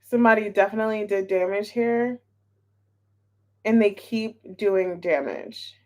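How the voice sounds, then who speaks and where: A tarot reader does a casual live reading, chatty and somewhat scattered, repeating herself and saying hello to viewers in the chat. Her voice is medium-pitched, slightly mellow, and measured in pace.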